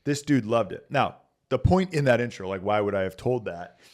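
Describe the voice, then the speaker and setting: A man's voice: mid-range voice, expressive, moderate pace. A man, a pastor, talking casually and earnestly on a podcast, telling stories with many filler words.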